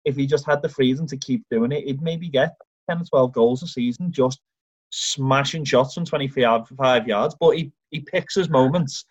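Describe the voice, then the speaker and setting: Irish male podcast co-host, lively storyteller, dull lo-fi recording. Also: medium pitch, moderate pace, no room sound. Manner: enthusiastic, animated storytelling with acted-out quotes. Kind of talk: casual football chat.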